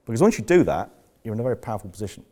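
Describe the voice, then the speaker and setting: Blunt, deep-voiced man. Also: big pitch swings, very fast, warm tone. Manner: blunt, swears freely, rambling anecdotes. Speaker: business coach. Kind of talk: candid coaching talk to members.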